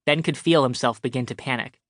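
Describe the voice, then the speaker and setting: A man's voice: medium pitch, brisk, a bit bright, no room sound. A man narrating his comic short story as a scripted audiobook, with a wry, dry delivery on a close studio mic.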